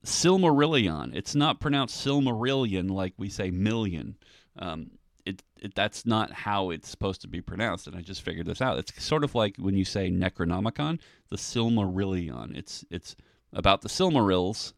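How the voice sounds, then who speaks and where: Male podcast host, deep with a gravelly edge, loose and rambling, dry sound. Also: animated, moderate pace, dry recording. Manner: rambling, self-described nerd, many ums and restarts. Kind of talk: casual solo podcast commentary.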